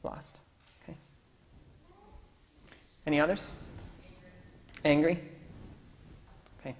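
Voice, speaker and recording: A man's voice: on the high side, fairly even intonation, slow pace. A male pastor giving an interactive sermon, conversational and coaxing the congregation to call out answers. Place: church sanctuary. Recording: long church-hall reverb, faint ambience.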